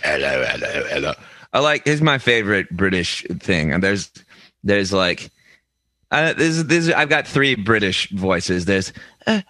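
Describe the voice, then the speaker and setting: A man's voice: on the low side, expressive, unhurried, bright, forceful tone, no room sound. A man co-hosting a comedy podcast, riffing jokily and often slipping into silly voices. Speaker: podcast co-host. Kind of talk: comedic banter.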